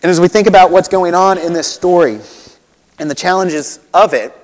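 A man's voice: high-pitched, moderate pace, in a large hall. A man preaching a sermon as a pastor, conversational and relatable, with frequent asides and restarts.

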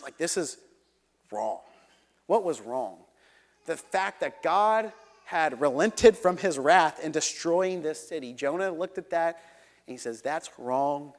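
Young preacher in a reverberant hall. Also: male voice. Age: young adult. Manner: earnest, dropping to a low hush for emphasis. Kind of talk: sermon.

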